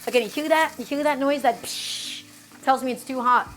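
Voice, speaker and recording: A woman hosts a live cooking stream in a slightly high voice, chatty and emphatic as she explains each step. A pan sizzles beside her while faint music plays underneath. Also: normal speed, a bit bright. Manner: emphatic, chatty, talks to chat.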